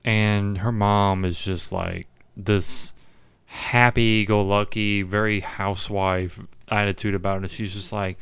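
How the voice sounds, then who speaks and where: A man co-hosts a podcast and retells film scenes in an easy, offhand way, chiming in with jokes. His voice is low, smooth and resonant. It is recorded close and dry. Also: takes it slowly, no echo. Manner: relaxed, chimes in with quips, corrects himself. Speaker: podcast co-host. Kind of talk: casual film recap chat.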